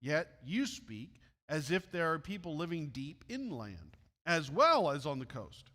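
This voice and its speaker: Brief: man playing earnest young missionary, questioning, animated pitch. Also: a little slow, big-room sound, exaggerated voice. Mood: curious.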